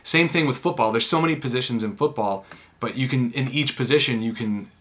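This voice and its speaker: Bright-voiced joking podcast guy. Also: mid-range voice, a little fast. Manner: profane, riffing, jokey asides. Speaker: podcast co-host. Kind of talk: casual chat.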